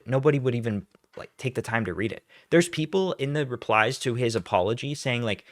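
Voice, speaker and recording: A man's voice: mid-range voice, lively intonation, brisk, hardly any pauses, dry recording, clean studio sound. A young man doing ranting YouTube commentary, sarcastic, blunt and profane.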